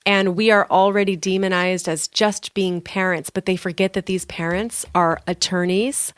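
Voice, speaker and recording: A tired woman co-hosting a podcast in casual chat, talking in quick bursts and laughing often. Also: lowish voice, fairly even intonation, no echo. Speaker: podcast co-host.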